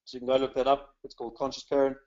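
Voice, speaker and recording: A man's voice: medium pitch, completely flat delivery, rapid-fire, darkish tone, lo-fi sound. A South African man from South Africa giving a casual, chatty webinar talk, upbeat and full of "you know" fillers. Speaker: webinar presenter.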